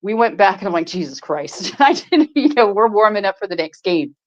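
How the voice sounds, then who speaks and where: A woman's voice: medium pitch, expressive, a little fast. A woman hosting a live stream, telling a story in casual chat with lots of laughing and swearing. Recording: dull lo-fi stream audio.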